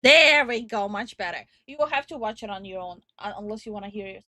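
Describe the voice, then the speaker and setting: A woman's voice: mid-range voice, lively intonation, fairly quick, pushed and bright, no room sound. A young woman co-hosting a casual livestream from home, giggly and greeting chat viewers by name. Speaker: streamer co-host. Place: home streaming room.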